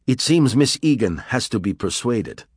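A man's voice: mid-range voice, very animated, normal speed, darkish tone, slightly rough, no room sound, studio quality, voice pushed up. A man reading an audiobook, voicing a suave, threatening male villain who gives orders in a raised, clipped voice. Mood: menacing. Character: smooth menacing male villain, commanding.

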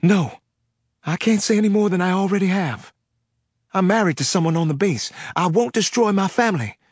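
A scared Southern woman, played by a man reading the story, speaks in a raised, husky voice. Her words come out halting and pleading, as if she is close to tears. The voice sounds dry and close, with nothing around it. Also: high voice, no room sound, voice pushed up. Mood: fearful pleading. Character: frightened secretive Southern woman caller.

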